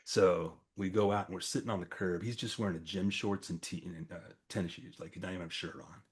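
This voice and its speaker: A man's voice: sits low, steady tone, fast, breathy edge. A man in his forties casually telling a story to a small group, acting out the dialogue as he goes. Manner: conversational, acts out quoted dialogue, frequent fillers. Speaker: storyteller recounting a campus crisis.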